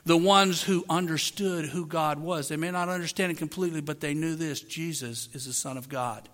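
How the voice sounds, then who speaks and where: High bright-voiced male preacher in a hall. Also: steady tone, moderate pace. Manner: emphatic preaching with rhetorical questions to the listeners. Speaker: pastor. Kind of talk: sermon. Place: large room with a congregation. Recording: long hall reverb.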